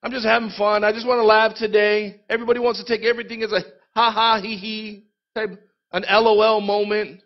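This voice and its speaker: A man delivers a lively, conversational sermon and keeps calling out to his congregation. His voice sits high for a man. The recording is dull and lo-fi. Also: fairly quick. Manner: lively, conversational preaching with congregation call-outs. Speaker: pastor.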